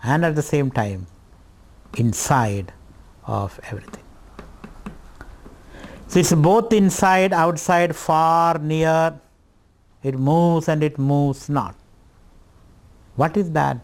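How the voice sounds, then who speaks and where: A middle-aged man teaching scripture at a retreat, speaking slowly and contemplatively, repeating phrases and drawing out Sanskrit words. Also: on the high side. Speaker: spiritual teacher.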